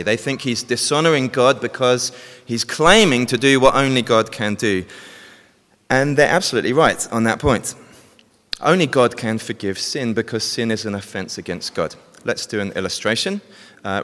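Male preacher, storytelling sermon, medium pitch, long reverb of a church hall. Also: a bit bright. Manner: storytelling, asks the congregation questions.

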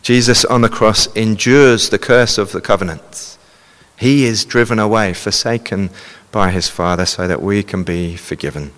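A man's voice: lowish voice, moderate pace, fairly bright tone, long reverb tail. A man preaching a sermon, earnestly explaining and reading scripture passages aloud to a congregation.

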